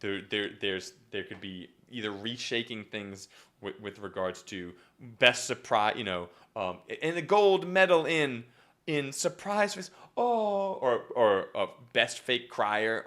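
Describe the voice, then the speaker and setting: A young man coaching comedy writing on a live stream, talking casually with lots of fillers and restarts and jumping into acted-out bits. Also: slow pace. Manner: animated, jumps into acted-out bits with big pitch swings; repetitive fillers (yep, okay), restarts.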